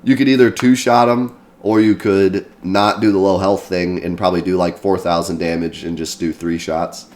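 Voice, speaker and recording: Deep-voiced sick man commenting on gameplay. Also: moderate pace, few pauses. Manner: excitable, yells at the game. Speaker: gameplay streamer. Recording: faint game music behind.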